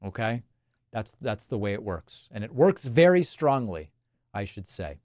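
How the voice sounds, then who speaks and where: A man's voice: lowish voice, measured pace, dry recording, studio quality. A male host from Argentina, chatting wryly on a livestream and reading out viewer messages. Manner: wry, chatty, animated asides.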